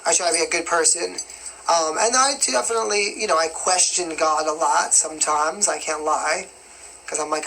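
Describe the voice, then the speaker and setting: A man's voice: a little high, brisk, vocal fry, bright, forceful tone, a little hiss or hum, rough recording. A young man from New York with a light New York accent, casually answering viewer questions on a live stream in a rambling, chatty way. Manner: chatty and rambling, with constant "you know what I mean".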